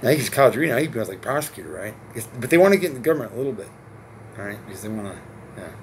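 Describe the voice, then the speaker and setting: Animated and rapid-fire, a medium-pitched Connecticut man in his forties talks solo to camera in a sprawling vlog monologue. He curses, repeats himself and keeps asking rhetorical questions, with slight background noise present.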